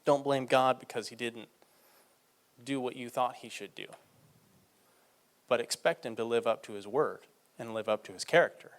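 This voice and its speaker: Male preacher, conversational sermon delivery, stretches words for emphasis, mid-range pitch. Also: normal speed, pauses often. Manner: reads scripture aloud and explains it conversationally.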